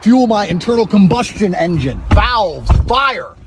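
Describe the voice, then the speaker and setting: High, lively man ranting aggressively. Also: unhurried. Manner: aggressive, mocking, profane. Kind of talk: brash rant. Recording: clip with noisy background.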